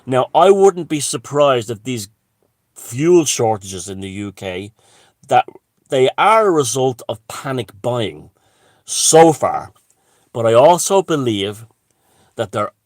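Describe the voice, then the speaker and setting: A man's voice: mid-range voice, very animated, takes it slowly, pauses often, dry recording, studio quality. A man giving a heated, rambling political monologue, swearing and restarting his sentences. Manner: heated, profane, full of restarts and asides. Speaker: commentator.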